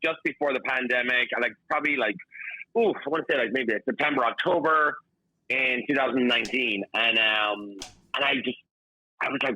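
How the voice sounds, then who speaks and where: A man's voice: medium pitch, normal speed, pushed and bright, dry recording, rough recording. A man, a chef being interviewed, chatting upbeat with lots of "like" and "you know". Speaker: chef and guest. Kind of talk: phone-in interview.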